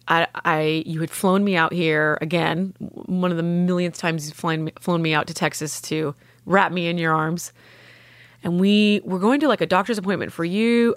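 A woman, a podcast guest, telling a deeply personal story in an earnest, heartfelt way and with strong conviction. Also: no room sound.

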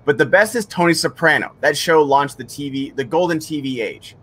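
Man, co-host, bright and forceful, lively talker, reads viewer comments. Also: on the high side, fairly quick. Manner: enthusiastic, retells scenes with acted quotes. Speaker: co-host reading viewer messages. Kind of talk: casual live-stream chat.

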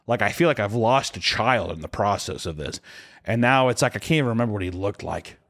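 A man's voice: lowish voice, lively intonation, a little fast, fairly bright tone. A young man co-hosting a podcast, telling a story in a casual, profane, jokey way. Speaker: podcast co-host.

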